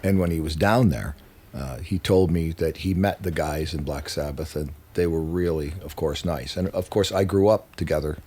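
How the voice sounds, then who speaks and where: Low-voiced male musician guest, casual and profane, animated storyteller. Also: normal speed, hardly any pauses. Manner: animated, swears freely, acts out quotes.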